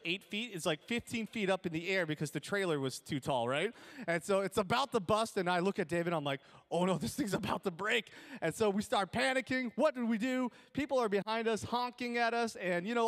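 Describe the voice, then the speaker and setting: A young man preaching a sermon, telling a funny story with jokes and laughs before reading Scripture, with an Upper Midwest American accent. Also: high-pitched. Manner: animated, joking storyteller who laughs at his own jokes. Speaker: pastor.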